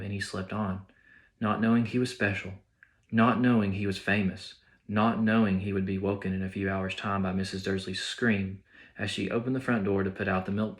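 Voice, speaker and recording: A man, a teacher, reading a children's novel aloud in a plain steady way with small slips. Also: fairly low pitch. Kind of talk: audiobook-style read-aloud.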